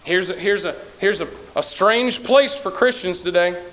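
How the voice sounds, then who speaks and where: Male preacher mid-sermon, fervent and repetitive, fairly high voice. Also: moderate pace, low-quality recording. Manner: impassioned, repetitive, swelling to loud peaks then dropping low.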